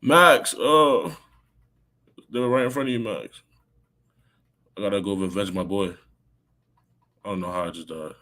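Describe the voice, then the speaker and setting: A young man chatting on a live stream while he plays a video game. He is excitable and talkative, reacting to the game under his breath between stories. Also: fairly low pitch, a little slow, pauses often. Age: young adult. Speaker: guest college football player. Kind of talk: casual live-stream chat while gaming.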